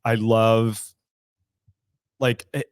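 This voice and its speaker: A man's voice: fairly low pitch, little pitch movement, very slow, no room sound, studio quality. A man talking as guest co-host of a podcast, candid and full of swearing, laughing often as he tells a story. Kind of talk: casual podcast chat. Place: recovery club in a room.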